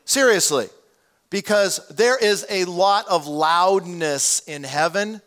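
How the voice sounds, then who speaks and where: Male pastor, high voice, chatty sermon, builds up on scripture. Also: slow pace. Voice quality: damaged hearing, says so. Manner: conversational preaching, swells loud on quoted scripture.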